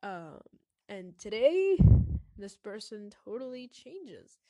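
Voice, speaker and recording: A woman hosting a solo podcast, talking reflectively with many pauses and fillers while her voice is sick. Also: medium pitch, very animated, dark tone, dry recording. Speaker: podcast host.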